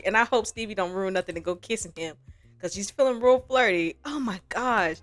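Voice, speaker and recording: A woman's voice: mid-range voice, a little fast, fairly bright tone, no echo, faint music behind. Young woman, gaming commentary, chatty, slangy, mid-range voice. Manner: chatty, slangy, laughs at the drama. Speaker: life-sim gaming YouTuber. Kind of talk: casual gameplay commentary.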